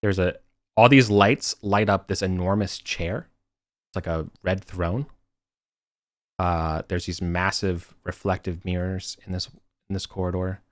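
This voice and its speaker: A man's voice: deep voice, fairly even intonation, unhurried, no room sound, clean studio sound. A man running a tabletop game over an online voice call, talking casually and correcting himself as he goes. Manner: rambling, self-correcting, casual. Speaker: game master.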